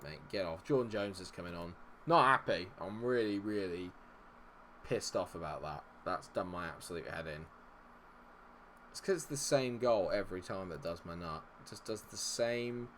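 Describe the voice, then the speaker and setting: A man's voice: low-pitched, slight background noise. A man commentating on his own football management game, chatting with viewers and swearing at his players. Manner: swings from chatty to sweary frustration, yelling at players. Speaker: gaming streamer. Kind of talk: live gameplay commentary.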